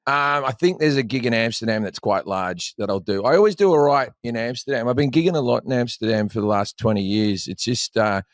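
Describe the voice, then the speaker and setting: A man rambles through his stories at an ordinary middle pitch, dropping curse words as he goes. He sounds like a comedian on a podcast, talking casually to the hosts. The recording is dry and close. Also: animated, fairly quick, hardly any pauses, dry recording. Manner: rambling storyteller, swears freely. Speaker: comedian guest.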